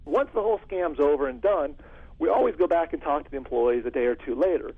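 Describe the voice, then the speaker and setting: A man working as a security consultant, telling stories in an interview in an animated way and acting out phone calls. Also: on the high side, fast, slightly rough. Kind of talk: storytelling interview answer. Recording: phone-like lo-fi audio.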